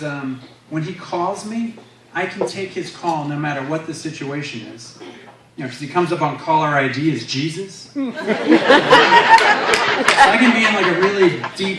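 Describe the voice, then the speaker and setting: Stand-up comic echoing through a club. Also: male voice, a little high. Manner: animated, playful storytelling. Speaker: stand-up comedian. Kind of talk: stand-up comedy set. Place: live comedy club stage. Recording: echoey club, distant mic, audience laughter. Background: audience laughter.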